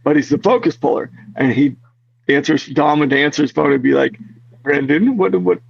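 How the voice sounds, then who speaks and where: A man's voice: a little high, level tone, brisk, creaky, husky, no echo. A man being interviewed as a guest, telling restless, rambling stories in casual chat with lots of fillers. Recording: dull, lo-fi, dry sound.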